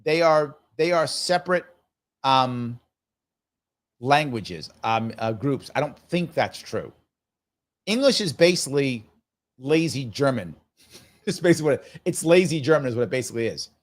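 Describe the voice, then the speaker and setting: A man's voice: mid-range voice, lively intonation, measured pace. Casual man in his fifties reading comments. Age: 50s. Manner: casual, musing, repeats phrases. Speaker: show host. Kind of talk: live stream Q&A reading viewer comments.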